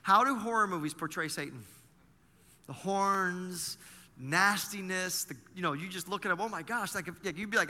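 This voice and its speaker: A male pastor delivers a sermon in a high, very bright, forceful voice. He preaches conversationally, throwing rhetorical questions at his listeners. His voice rings with the long reverb of a large church hall. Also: moderate pace.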